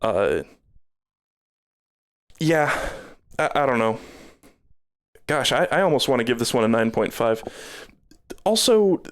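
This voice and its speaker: A man's voice: medium pitch, lively intonation, a little slow, pauses often. A man streaming live, giving rambling casual game reviews with many fillers, tired and starting to lose his voice.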